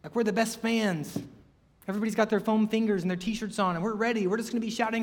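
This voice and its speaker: A man's voice: high voice, steady tone, fast talker, big-room sound. A man preaching a sermon in a conversational way, full of rhetorical questions and acted-out quotes.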